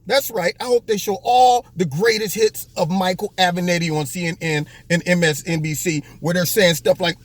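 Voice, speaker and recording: A man hosting a political commentary monologue, speaking in an animated, mocking way and often slipping into voices. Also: high voice, normal speed, few pauses, dry recording. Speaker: host.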